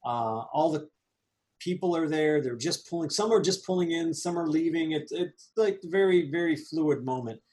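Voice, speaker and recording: Guy on a movie podcast, kinda high voice, lively, laughs a lot. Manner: animated, laughing, quick asides. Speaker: podcast co-host. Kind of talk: casual movie review chat.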